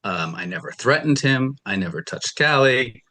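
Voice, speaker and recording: A man's voice: medium pitch, animated, moderate pace, sharp tone. A man testifying as a litigant in a courtroom, rambling through his account and retelling arguments with quoted dialogue. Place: television courtroom.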